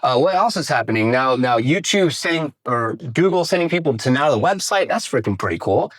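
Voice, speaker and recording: A man's voice: medium pitch, fairly quick. Casual, swearing man teaching a workshop. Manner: casual, energetic, swears, asks audience questions. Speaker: real estate marketing speaker. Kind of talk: live workshop talk. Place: room with a live audience.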